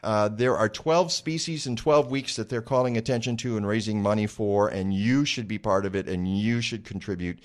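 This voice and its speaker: Rambling, low-voiced male radio host. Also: normal speed, hardly any pauses. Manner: chatty, rambling with many fillers. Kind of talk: casual radio talk. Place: radio studio.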